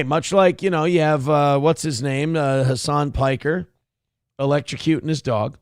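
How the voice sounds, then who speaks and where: A man's voice: on the high side, dry recording, studio quality. Rambling, profane male show host. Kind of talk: casual livestream chat. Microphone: headphones on, desk mic.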